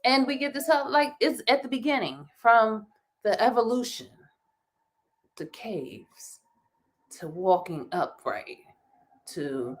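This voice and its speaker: A woman co-hosting a casual podcast chat, animated, laughing often and restarting her words. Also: a little high, takes it slowly, long pauses. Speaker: podcast co-host.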